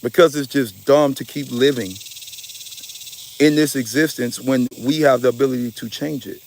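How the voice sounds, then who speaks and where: Man, gravelly voice, emphatic spiritual talk, preachy, casual slang, y'all. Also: mid-range voice, steady tone, moderate pace, slight background noise. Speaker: spiritual speaker. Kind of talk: impassioned spiritual talk to an audience.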